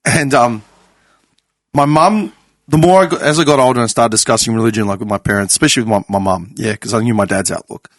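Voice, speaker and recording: A young man hosts a casual chat at a middle pitch, telling stories with animated, sweary energy. His voice sits close and dry, with no room sound around it. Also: fast talker, no echo. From Greek family. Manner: animated storyteller, swears freely, quotes others. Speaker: podcast host.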